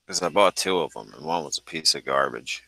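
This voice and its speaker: A man with an extremely deep voice, full of gravelly fry and yet bright and forceful on top. He talks in a laid-back, joking way through a casual podcast chat. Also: lively intonation, brisk, no echo, poor audio.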